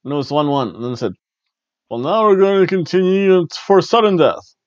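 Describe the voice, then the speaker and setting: A man hosting a wrestling review podcast, recapping a show in casual chat and slipping into quick mimicry of wrestlers. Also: high-pitched, no echo, highs cut off. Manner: animated, mimics wrestlers and announcers in quick asides.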